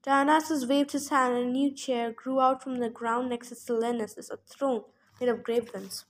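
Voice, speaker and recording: A woman narrates an audiobook in a plain, steady reading voice. Her voice sits high. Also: normal speed. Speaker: audiobook reader.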